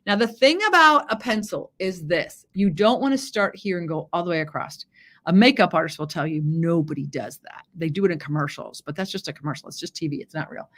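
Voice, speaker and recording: A woman giving a chatty live makeup demonstration, often checking in with her viewers. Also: lowish voice. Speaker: makeup presenter on a live stream.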